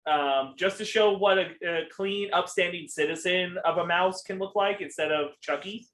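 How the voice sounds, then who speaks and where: A man's voice: high-pitched, normal speed, fairly bright tone, poor audio. A young man co-hosting a podcast, rambling in casual chat with lots of ums and swearing. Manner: rambling, profane, with many ums. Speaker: podcast co-host.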